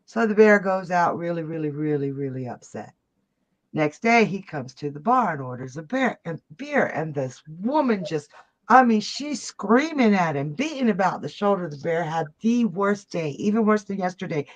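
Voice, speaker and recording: A woman co-host tells a joke on a live show, her voice rising and falling with lots of life. She builds the story with animated energy. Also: lowish voice, moderate pace, muffled recording. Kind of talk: telling jokes on a live show.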